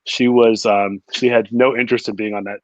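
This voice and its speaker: A man's voice: lowish voice, level tone, fairly quick, no echo, muffled recording. A man chatting casually as podcast host, telling stories and laughing often. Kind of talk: casual chat.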